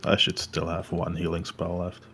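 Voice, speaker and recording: A man's voice: low voice, monotone, moderate pace, vocal fry, pushed and bright, slight background noise. A man playing a tabletop game over a call, talking through plans matter-of-factly. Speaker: player. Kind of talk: casual chat over voice call.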